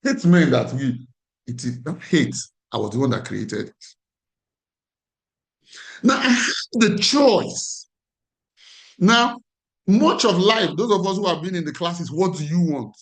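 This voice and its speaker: A man's voice: high voice, sing-song, slow pace, gravelly, pauses often. A man with a Nigerian accent, a life coach teaching a class in an emphatic way and repeating his key phrases.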